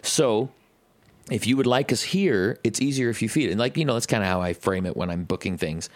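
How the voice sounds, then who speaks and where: Low-voiced rambling musician podcast host. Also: male voice, a little fast, no echo. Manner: rambling storyteller, heavy fillers, swears freely. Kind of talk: casual chat.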